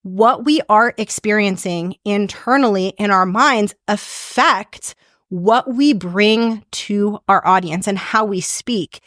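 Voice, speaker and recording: A woman's voice: medium pitch, slow pace, a bit bright, no room sound, clean studio sound. A woman podcast host teaching voice skills in a casual, upbeat, teacherly way, with frequent "like" fillers. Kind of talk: instructional podcast talk.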